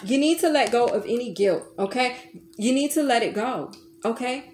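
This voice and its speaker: A woman's voice: a little high, animated, normal speed, a little mellow, echoey room, a little hiss or hum. A woman giving a tarot reading to her listeners, coaxing and emphatic, calling them baby and honey. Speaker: tarot reader.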